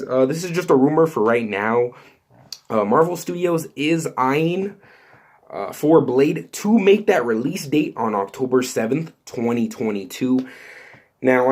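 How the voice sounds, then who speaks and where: Excitable man rambling to the camera. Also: mid-range voice. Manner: excitable, rambling, many fillers and restarts. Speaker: YouTube host. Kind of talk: excited casual vlog commentary.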